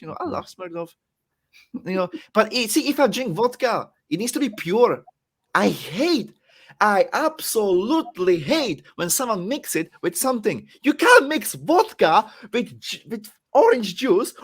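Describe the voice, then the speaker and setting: A young man from the Czech Republic with a Czech accent, chatting casually as a podcast guest and laughing often. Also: moderate pace. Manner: animated, laughs often, swings between excited and low. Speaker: guest wrestler.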